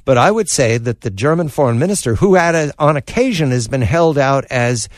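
A man hosting a radio interview, speaking in a measured way and quoting sources. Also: medium pitch, lively intonation, no echo, studio quality. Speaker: radio host.

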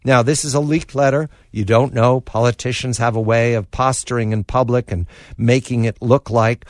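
A man hosting a radio interview, speaking in a measured way and quoting sources. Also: mid-range voice, fairly even intonation, no room sound, studio quality. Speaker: radio host.

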